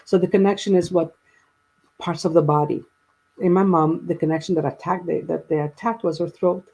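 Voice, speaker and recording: Woman in her fifties, guest, rambling storyteller; husky tone, restarts often. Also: fairly low pitch, steady tone, fairly quick, darkish tone, poor audio. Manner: rambling, with many restarts and quoted dialogue. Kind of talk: personal storytelling in a conversation.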